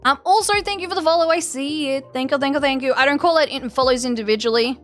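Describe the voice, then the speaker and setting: Chatty Australian woman with a slightly high voice. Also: fast talker, faint music behind. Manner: chatty, rambling, many fillers and restarts. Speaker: game streamer. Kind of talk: casual chat with live viewers.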